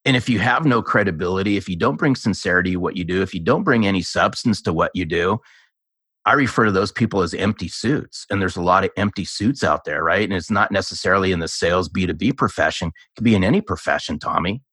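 A man's voice: sits low, quick pace, bright, forceful tone, husky, no echo, clean studio sound. A man who is a guest on an interview, making his points in an emphatic, persuasive coaching style. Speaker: guest, sales author. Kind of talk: conversational interview answers.

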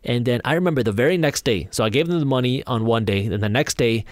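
A man's voice: mid-range voice, quick pace, dry recording. A young man talks as a podcast guest, his voice climbing and dipping as he acts out what he thought back then. The sound is dry and close to the mic, with no room around it. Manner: animated, acts out his own past thoughts and quoted voices. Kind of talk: casual storytelling in an interview.

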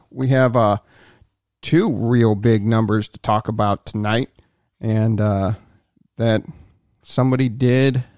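A man co-hosting a podcast, upbeat as he steers each segment with quick asides. His voice sits in a middle range for a man, recorded close and dry. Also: medium pitch, no echo. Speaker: podcast co-host. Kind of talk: casual podcast chat.

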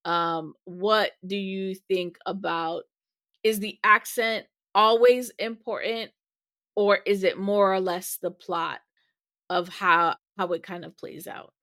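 A woman co-hosting a podcast, asking questions in a thoughtful, halting way with many pauses. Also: mid-range voice, steady tone, a bit bright, no echo, studio quality. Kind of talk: casual interview discussion.

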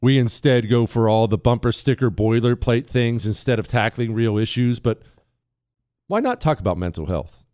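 Animated male talk show host. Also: medium pitch, normal speed, no room sound, studio quality. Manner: animated, laughs at his own stories. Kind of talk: casual storytelling monologue. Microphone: studio mic.

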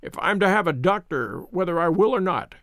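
A man voicing a gravely ill, imperious male detective who speaks in a feeble, croaking voice. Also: sits high, expressive, a bit bright, no room sound, studio quality. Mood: feverish commanding. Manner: slow, strained, commanding.

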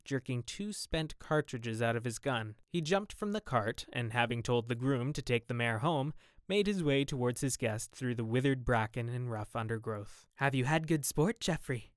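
A man's voice: mid-range voice, moderate pace, no room sound, clean studio sound. A man reading a classic novel aloud as an audiobook narrator, acting out the characters' dialogue. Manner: acts out each character with raised, loud dialogue. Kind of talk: scripted narration.

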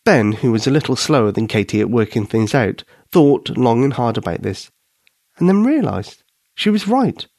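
A man's voice: mid-range voice, very animated, moderate pace, a little mellow, no echo, studio quality. A man narrating a children's bedtime story and hosting a podcast, in a soothing voice.

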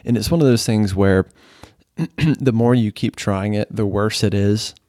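Deadpan, rambling man on a podcast. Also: on the low side, a little slow, dry recording, studio quality. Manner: rambling, self-deprecating, sarcastic, deadpan. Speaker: podcast host. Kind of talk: casual solo podcast storytelling.

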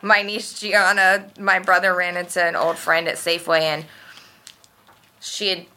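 Lower, bright-voiced woman telling anecdotes. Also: unhurried, smooth. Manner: profane, animated anecdote telling. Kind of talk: casual chat.

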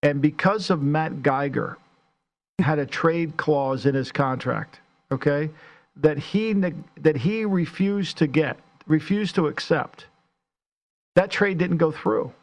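Fired-up male sports radio co-host. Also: slow pace. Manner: animated, ranting, rising in pitch when worked up. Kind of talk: casual sports talk.

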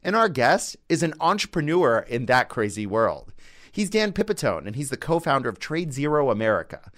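A man's voice: medium pitch, big pitch swings, normal speed, a bit bright. A man hosting a podcast, reading a scripted opening in a conversational way with playful asides. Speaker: podcast host.

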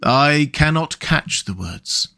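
A man's voice: on the high side, lively intonation, takes it slowly, creaky, bright, forceful tone, exaggerated voice. A man voicing a humble, tired male mole from a storybook, sounding weary and wondering. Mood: plaintive.

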